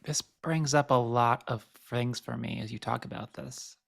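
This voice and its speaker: A man's voice: medium pitch, steady tone, moderate pace, creaky, fairly bright tone. A man co-hosting a podcast, thinking aloud in a reflective, conversational way and asking follow-up questions. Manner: thoughtful, musing aloud, asks follow-up questions. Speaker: podcast co-host.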